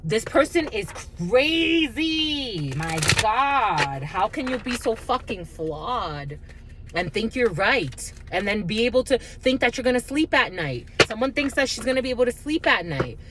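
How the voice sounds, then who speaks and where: A woman's voice: fairly high pitch, expressive, moderate pace, noisy background. A woman giving a spiritual card reading in a blunt, profane, heated rant. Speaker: tarot reader.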